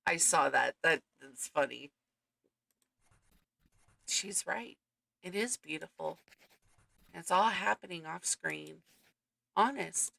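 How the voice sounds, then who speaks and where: A woman's voice: lowish voice, animated, slow pace, vocal fry, pauses often, bright, forceful tone, dry recording, poor audio. A young woman streaming a game, chatting with viewers and reading the game text aloud in an effusive way. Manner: chatty, greets chat, effusive.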